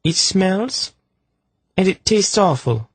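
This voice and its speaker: A man's voice: high voice, big pitch swings, normal speed, slightly rough, dry recording, pitched above the performer's own voice, heavily acted. A man voicing a sulky, spirited young queen stuck in bed, petulant and sarcastic.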